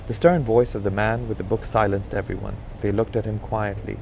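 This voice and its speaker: A man reads a story aloud in a measured, unhurried way. His voice sits low. Faint outdoor noise runs behind him. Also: little pitch movement, creaky, darkish tone. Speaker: narrator. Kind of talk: story reading.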